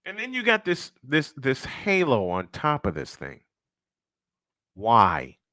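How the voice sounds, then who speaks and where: A man's voice: on the high side, huge pitch swings, moderate pace, sharp tone, dry recording, clean studio sound. A man hosting a casual live-stream sports show, ranting and firing off rhetorical questions, repeating his points for emphasis.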